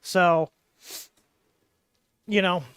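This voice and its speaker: A man's voice: sits high, fairly even intonation, extremely slow, fairly bright tone, clear, resonant tone, no echo. A man hosting a casual livestream, rambling with lots of fillers as he explains hardware while working on it, speaking into a wireless mic. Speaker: livestream host. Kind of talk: casual hands-on tech livestream.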